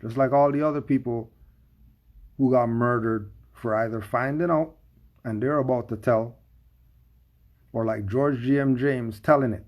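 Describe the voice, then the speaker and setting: Male streamer, mid-pitched, raspy and fried, emphatic and questioning. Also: fairly even intonation, unhurried, pauses often, darkish tone. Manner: emphatic, full of rhetorical questions. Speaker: commentator. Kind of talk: livestream commentary.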